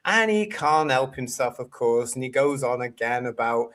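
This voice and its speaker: A man's voice: medium pitch, animated, normal speed, hardly any pauses, a bit bright. A British man hosting a casual live-stream panel chat, blunt and opinionated, with a mocking edge, speaking over a video call. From United Kingdom. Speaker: host.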